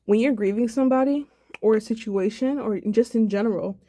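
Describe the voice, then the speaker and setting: A woman's voice: on the high side, fairly quick, warm tone. A sad, subdued young woman in a personal video diary, talking reflectively and rambling with many fillers. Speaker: vlogger.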